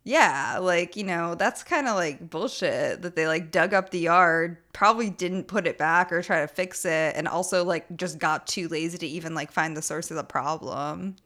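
A young woman in a relaxed podcast chat, her voice sitting a little low for a woman. She laughs easily and strings her thoughts together with lots of "like" and "um", mimicking the people she describes. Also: moderate pace, hardly any pauses. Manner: laughs often, many "like" fillers, mocking quoted voices. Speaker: podcast co-host. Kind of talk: casual chat recapping a TV show.

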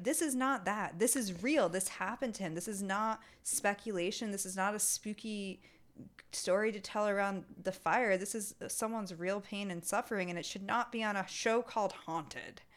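A woman co-hosting a casual podcast, ranting in a heated, animated way. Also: medium pitch, moderate pace. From Italian heritage. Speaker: podcast co-host.

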